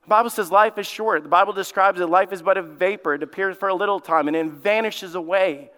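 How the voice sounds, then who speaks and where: A male pastor delivering a sermon with emphatic repetition and dramatic pauses. His voice is bright and smooth. The sound carries a long reverb from a church sanctuary. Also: high voice. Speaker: lead pastor.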